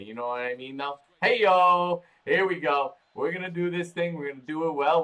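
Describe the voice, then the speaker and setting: A man's voice: on the high side, normal speed, hardly any pauses, highs cut off. A man hosting a casual live watch-party stream, rambling with playful, crude banter and swearing. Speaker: livestream host.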